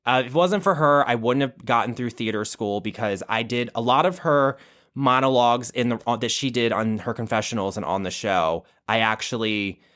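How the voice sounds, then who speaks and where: A man's voice: mid-range voice, normal speed. A man hosting a podcast, gushing in a casual, profane monologue about his favourite reality stars. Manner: animated, profane, gushing fan talk. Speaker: podcast host.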